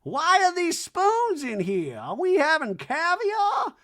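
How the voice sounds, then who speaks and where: A man voicing a blunt, fussy older mother in a high, squawking, drawn-out voice. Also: huge pitch swings, fairly bright tone, exaggerated voice.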